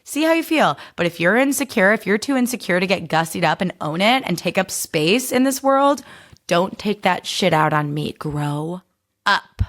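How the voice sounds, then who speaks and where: A woman's voice: medium pitch, lively intonation, moderate pace, fairly bright tone. A woman in her thirties hosting a solo podcast, talking in a sassy, emphatic rant full of swearing. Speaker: podcast host.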